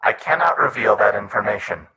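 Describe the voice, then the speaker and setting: A man voicing a calm, formal angelic being that speaks in a precise, detached way during a tabletop role-play game. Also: mid-range voice, brisk, breathy edge, voice pushed down, exaggerated voice, low-quality recording.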